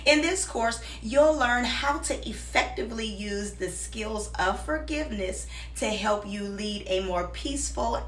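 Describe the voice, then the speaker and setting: A woman's voice: mid-range voice, a bit bright, reverberant, recorded from a distance, a little hiss or hum. A woman host reading a scripted, encouraging promotional message. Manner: encouraging, motivational. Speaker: show host.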